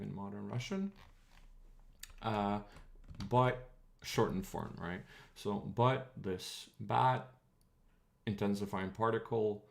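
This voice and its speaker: A young man streaming casually, working through an old text out loud with many pauses and questions to his chat. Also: on the low side, vocal fry. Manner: thinking aloud, halting, reads words out slowly, asks the chat.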